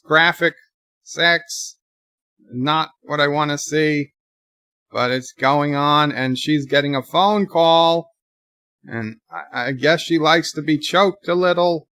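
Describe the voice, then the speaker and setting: Unhurried man commenting live on a show. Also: a little high, bright, forceful tone, dry recording. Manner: thinking aloud, describing scenes as they play. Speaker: channel host and commentator. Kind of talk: live commentary while watching a TV episode.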